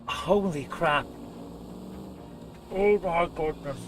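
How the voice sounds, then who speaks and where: A man's voice: on the high side, extremely slow, noisy background. A man hosting a let's play, talking casually over his gameplay with frequent exclamations and mild swearing. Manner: exclamatory, swears and laughs at his own driving.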